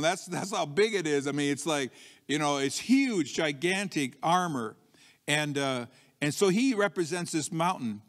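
A man preaching a sermon as pastor, telling a story in a conversational way, with many restarts, and acting out defiant quotes by raising his voice. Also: a bit bright. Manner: storytelling, acts out bold defiant quotes with rising pitch; frequent restarts and "you know" asides, conversational. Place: church sanctuary. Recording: long reverb of a church hall.

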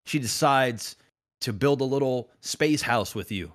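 A man's voice: medium pitch, unhurried, fairly bright tone. A man hosting a podcast, telling a long comic analogy in casual chat, rambling and full of restarts. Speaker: podcast host. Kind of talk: comedic storytelling in casual chat.

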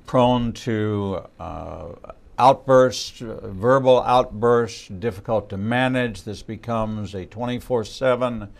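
A man hosting a faith interview show, explaining things to the audience in a deliberate, measured way. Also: lowish voice, vocal fry. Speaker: rabbi host. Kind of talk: interview host.

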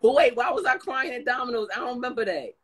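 Husky-voiced woman telling stories, slangy. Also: fairly high pitch, quick pace, poor audio. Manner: animated, slangy storytelling. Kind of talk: casual chat.

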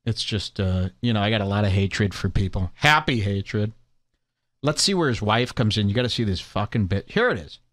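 A man's voice: lowish voice, lively intonation, normal speed, fairly bright tone. A man hosting a podcast, ranting in a casual, abrasive and profane way to his cohost. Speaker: podcast host.

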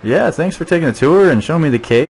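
A man hosting a gameplay video, chatting casually and relaxed with a fellow player. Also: on the high side, fast, creaky, slight background noise, rough recording. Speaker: host.

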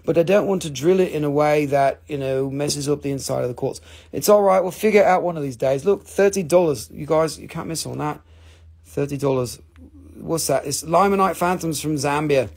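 Excitable gravelly man selling crystals live. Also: sits high. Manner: excitable, swears freely, jokes with viewers. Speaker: live-stream mineral seller. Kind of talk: casual live sales stream.

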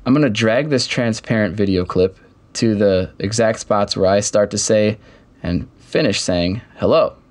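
Casual young man explaining software steps. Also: fairly low pitch, a little slow. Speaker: tutorial host. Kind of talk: screen-recorded software tutorial.

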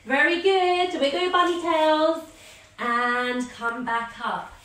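A woman with a high, fairly bright voice leads a children's yoga class at a slow pace, telling a story as she guides the poses. She's playful and sing-song, adding animal sounds. The room is echoey and she sits far from the mic, a little off-axis.

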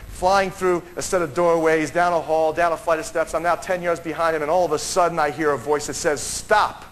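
A man telling a story to an audience, acting out the dialogue with raised voices and dropping to a hush. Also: slight background noise, low-quality recording. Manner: acts out dialogue with raised pitch, drops to a hush. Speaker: speaker at a seminar. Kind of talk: animated storytelling talk.

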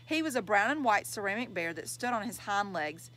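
A woman reading a children's novel aloud in an expressive storytelling manner. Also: medium pitch, fairly quick, a little hiss or hum, low-quality recording. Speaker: reader.

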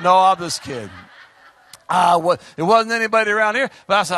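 A man preaching a fiery, exhorting sermon as pastor, swinging between shouts and quiet asides. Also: high-pitched, fairly quick.

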